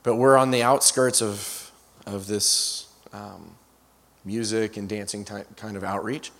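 A man's voice: fairly low pitch, fairly even intonation, unhurried, gravelly, a bit bright. Male guest preacher, anecdote-heavy sermon, self-correcting asides, long hall reverb. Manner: storyteller with frequent restarts and asides. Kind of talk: storytelling sermon.

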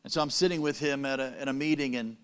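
A man preaching a sermon, telling a story with dramatic pauses and quick, punning asides. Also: mid-range voice, steady tone, a bit bright, clean tone.

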